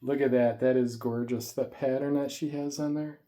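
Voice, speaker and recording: Winded man chatting with a mellow voice. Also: medium pitch, steady tone, moderate pace. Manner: rambling, chatty, with fillers. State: winded after the gym. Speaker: snake keeper vlogger. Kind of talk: casual storytelling vlog. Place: indoors at home. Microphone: camera on a tripod.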